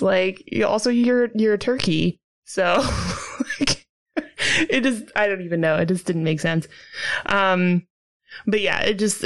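Chatty laughing woman reviewing a film. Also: lowish voice. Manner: chatty, laughing often, heavy use of "like". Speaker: podcast co-host reviewing a movie. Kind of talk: casual chat.

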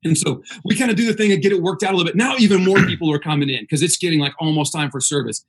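A man's voice: on the high side, very fast, husky. A man telling a funny story in a casual chat, acting out the voices of others and laughing as he goes. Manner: animated, acts out the voices of others.

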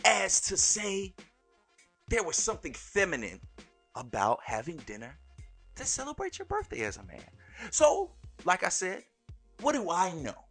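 A young adult man hosting a podcast, telling stories in an animated way and often calling out "ladies and gentlemen". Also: high voice, a little slow, slightly rough, faint music behind. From born in Turkey, raised overseas in a military family. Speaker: podcast host. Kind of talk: solo podcast monologue.

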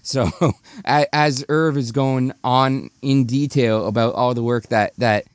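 A man in a casual podcast chat about a film, talking haltingly with repeated words and correcting details. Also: medium pitch, fairly even intonation, clean tone, dry recording, clean studio sound. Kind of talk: casual movie recap chat.

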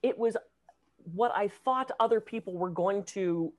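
A woman, a professional speaker, chatting casually; she is candid and a bit irreverent, and tells lively stories. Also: medium pitch, measured pace. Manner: lively storyteller acting out quotes. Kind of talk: casual conversation.

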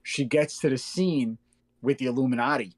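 A man co-hosting a casual podcast, ranting in animated, fast bursts. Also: mid-range voice. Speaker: podcast co-host. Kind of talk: casual chat.

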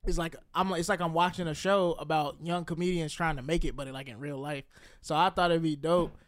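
High-pitched male podcast co-host, lively storyteller. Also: fairly quick, no echo, studio quality. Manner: animated storyteller, laughs often. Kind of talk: casual chat.

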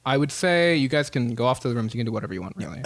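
A man's voice: medium pitch, lively intonation, rapid-fire, no echo. A man narrating as game master in a tabletop game, casual and rambling.

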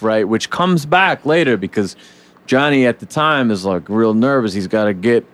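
A man's voice: mid-range voice, moderate pace. A man hosting a casual podcast chat, talking loosely with swearing and acting out scenes. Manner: animated, swears, acts out comic scenes in voices. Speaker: podcast host.

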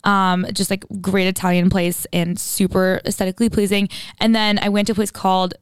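A woman's voice: medium pitch, level tone, brisk, clear, resonant tone, no echo. A young woman in her twenties chatting casually as a podcast co-host, full of "like" and "literally" as she tells stories with lots of energy. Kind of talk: casual chat.

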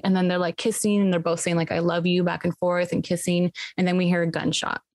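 A woman on a podcast casually retelling a film's plot, acting out the characters' lines with sudden pitch jumps. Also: a little fast, few pauses, no echo. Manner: animated storytelling, acting out quotes with jumps in pitch. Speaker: podcast co-host recapping a film.

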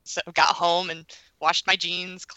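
Woman, casual podcast story, low pitch, bright, forceful tone. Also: little pitch movement, measured pace, smooth, no room sound. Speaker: podcast co-host.

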